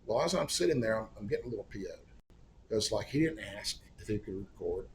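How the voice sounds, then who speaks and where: A man's voice: fairly low pitch, expressive, fast talker, a little hiss or hum. Wry storytelling man, middle-aged. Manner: wry, self-deprecating, acts out quoted dialogue. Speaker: singer-songwriter guest. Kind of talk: casual anecdotal storytelling. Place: studio or room in Oklahoma.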